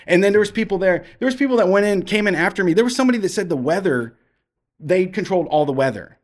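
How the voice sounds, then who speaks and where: Animated, swearing man telling stories. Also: high-pitched, fast. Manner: profane, animated storytelling with acted-out quotes. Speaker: podcast co-host. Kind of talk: casual storytelling chat.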